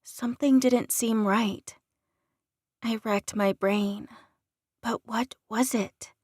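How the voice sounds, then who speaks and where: A woman narrating an audiobook in a measured, unhurried reading. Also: a little high, fairly even intonation, a little mellow, no echo, studio quality.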